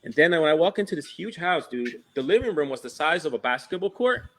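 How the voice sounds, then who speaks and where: A man in casual conversation about his work training dogs. He speaks in a reflective, laid-back way and often circles back to restart his sentences. His voice sits a little higher than most men's. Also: sing-song, brisk, a bit bright. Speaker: dog trainer. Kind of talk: casual chat.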